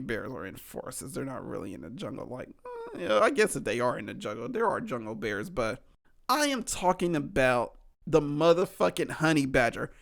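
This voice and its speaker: Profane, gravelly-voiced man ranting on a podcast. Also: on the high side. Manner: profane, animated, laughing asides, addresses listeners as y'all. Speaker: podcast host. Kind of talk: casual solo podcast rant.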